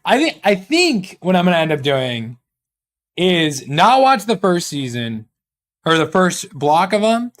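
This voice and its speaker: A man's voice: high voice, sing-song, unhurried, fairly bright tone. A man chatting casually on a live stream, rambling and joking with his chat, swearing often.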